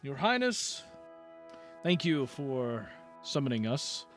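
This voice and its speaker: A man voicing a gruff, irritable young party leader who speaks curtly. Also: medium pitch, sing-song, slow, soft background music, voice pushed down. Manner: curt, exasperated.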